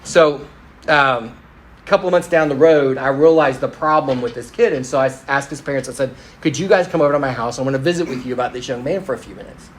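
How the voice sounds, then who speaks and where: In a storytelling sermon, a middle-aged pastor chats directly with the congregation and pokes fun at himself. His medium-pitched voice moves at a quick pace. The poor audio has a roomy sound.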